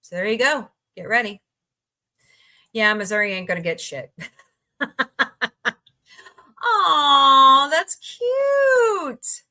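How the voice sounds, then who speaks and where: A woman's voice: medium pitch, moderate pace, long pauses, bright, forceful tone. A woman hosting a casual live chat from the United States, chatting and reacting aloud as she reads out headlines and greets viewers. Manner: chatty, reacts aloud while scrolling, frequent laughs. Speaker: livestream host.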